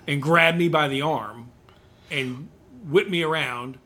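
A man's voice: fairly high pitch, slow. A man on a podcast casually telling a story, acting out what people said. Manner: animated storyteller, acts out quoted voices. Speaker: podcast guest.

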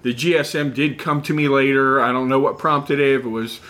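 A middle-aged man and former car salesman, telling a rambling story in casual chat and animated when he quotes others. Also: mid-range voice, brisk.

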